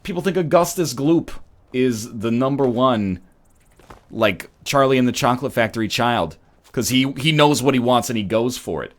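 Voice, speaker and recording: A Canadian man in his thirties streams a game while chatting casually, rambling, joking and sharing opinions as he riffs on chat comments. His mid-range voice is animated and moves at a moderate pace.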